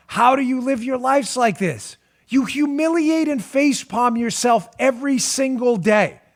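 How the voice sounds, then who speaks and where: A man's voice: extremely high pitch, fairly bright tone. A man hosting a political talk show, delivering heated commentary with emphatic, repeated rhetorical questions and bursts of frustration.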